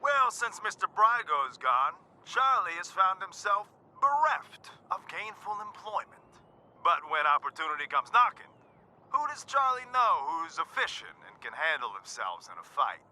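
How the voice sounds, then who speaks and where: A slick, wheedling cartel fixer. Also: male voice, high-pitched, very animated, moderate pace, exaggerated voice. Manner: wheedling, theatrical salesman patter, loud. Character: slick, scheming male cartel fixer on a radio. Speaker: game character.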